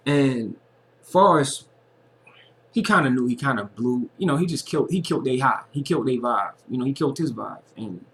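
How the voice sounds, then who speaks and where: A man speaks earnestly in a casual personal monologue for his vlog. He sits at a middle pitch and circles back to the same phrases to drive his point home. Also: animated, moderate pace, fairly bright tone. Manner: earnest, repeating phrases for emphasis. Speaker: vlogger.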